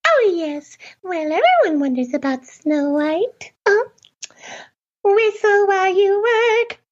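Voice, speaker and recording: A male voice impressionist voicing a sweet, cheerful young fairy-tale princess in a high, lilting falsetto, played back from a recorded clip. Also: big pitch swings, slow, muffled recording, full character voice.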